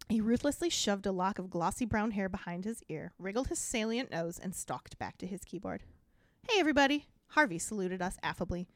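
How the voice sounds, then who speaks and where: Brief: playful female reader, lively swooping pitch, dry close mic. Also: a little fast, hardly any pauses, dry recording. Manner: playful, giggly, theatrical. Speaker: podcast co-host reading aloud. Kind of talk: dramatic reading with jokey commentary.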